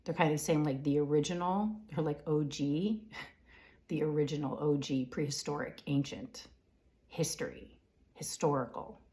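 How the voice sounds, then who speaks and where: A woman giving a live spiritual reading, relaying impressions in halting, repetitive phrases, often whispering her questions softly to herself and clearing her throat. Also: deep voice, steady tone. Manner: frequent fillers and throat-clearing. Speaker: intuitive reader.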